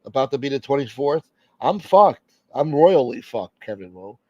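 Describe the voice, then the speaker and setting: Live-stream host, a man, mid-pitched, swearing, joking, on a dull dry recording. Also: expressive, fairly quick, dark tone, no room sound. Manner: profane, joking, reading out viewer names. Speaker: livestream host. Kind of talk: casual live-stream chat.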